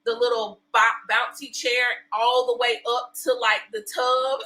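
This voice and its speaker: Bright-voiced woman telling lively stories. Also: fairly high pitch, a little slow, slight background noise, poor audio. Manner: animated storyteller, laughs often, acts out quotes. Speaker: podcast guest, breastfeeding specialist. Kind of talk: casual interview chat.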